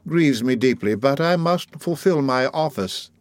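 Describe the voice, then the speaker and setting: A man voicing a falsely gentle middle-aged church prosecutor, soft, caressing and unruffled, in a storybook reading. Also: mid-range voice, lively intonation, measured pace, no room sound, natural voice. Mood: coaxing.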